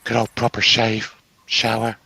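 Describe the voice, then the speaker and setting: A man's voice: on the low side, completely flat delivery, a little slow, gravelly, pushed and bright, slightly rough, no room sound, poor audio. A man chatting casually as a guest on a live stream over a video call, laid-back, with a dry sense of humour.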